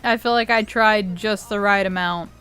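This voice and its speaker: A young woman talks through her gameplay in a loose, rambling way, giggling and cursing as she goes. Her voice is smooth and clear, of middling pitch. Faint music plays underneath. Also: fairly even intonation, moderate pace, bright, forceful tone. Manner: giggly, rambling, swears a lot. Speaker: gaming YouTuber. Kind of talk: casual game commentary.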